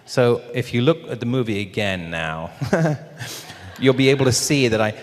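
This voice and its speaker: A British man, a guest actor, telling an animated anecdote at a live Q&A and acting out the quotes. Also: mid-range voice, normal speed. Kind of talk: anecdote told to a live audience. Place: large screening theater. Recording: long reverb of a cinema hall.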